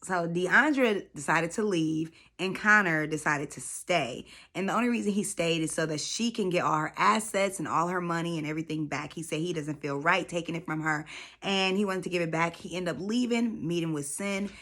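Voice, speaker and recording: Bright-voiced woman recapping a show. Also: lowish voice, normal speed. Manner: animated, slangy and profane, acts out quotes. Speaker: reality show recap host.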